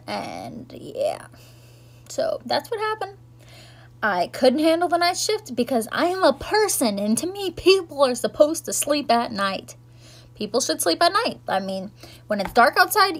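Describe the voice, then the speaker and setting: A young woman talks straight to the camera in a loose, rambling vlog style. She fills her sentences with "like" and "um", and her voice sits a little high. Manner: chatty, rambling, lots of "like" and "um". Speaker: vlogger. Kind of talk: casual chat recapping the year.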